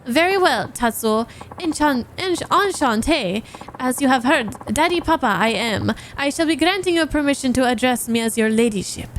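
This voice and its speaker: A woman's voice: high voice, expressive, normal speed, a little hiss or hum. A woman doing a pompous faux-French pop diva. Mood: grandiose. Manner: grand, broken faux-French phrasing. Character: haughty eccentric female pop superstar. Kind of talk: reading game dialogue aloud.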